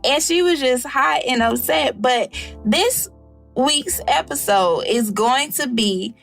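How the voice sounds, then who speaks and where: A young woman co-hosting a podcast, her voice sitting fairly high as she tells stories in an animated, chatty way. She slips into the voices of the people she quotes. Faint music plays underneath. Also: slow, vocal fry. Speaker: podcast co-host. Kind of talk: casual storytelling chat.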